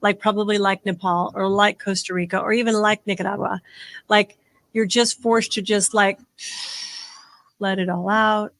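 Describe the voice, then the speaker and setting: A woman in her sixties hosting a podcast, talking fast and rambling with lots of "like" fillers. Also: medium pitch, flat delivery, creaky, fairly bright tone. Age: 60s. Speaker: podcast host. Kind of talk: casual podcast chat.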